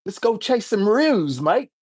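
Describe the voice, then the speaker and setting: A chirpy, overdone Australian bloke, put on by an American man. The voice sits high and bouncy, hammy and playful, with the accent laid on thick. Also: very animated, unhurried, darkish tone, slightly rough, full character voice. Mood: jokey cheerful. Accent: mock Australian, done by an American. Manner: hammy, jokey, raised pitch.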